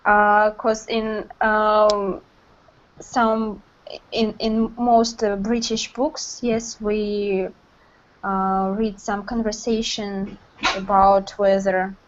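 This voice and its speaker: A woman student answers slowly in an online English class, pausing often and filling the gaps with ums. She speaks at a middle pitch and an unhurried pace. The call audio is muffled and lo-fi. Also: little pitch movement, a little hiss or hum. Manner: slow, hesitant, many fillers. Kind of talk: class discussion.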